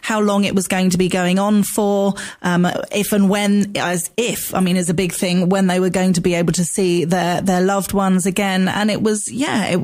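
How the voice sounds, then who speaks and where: A woman interviewing a guest, asking questions gently and a little hesitantly. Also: mid-range voice. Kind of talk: conversational interview.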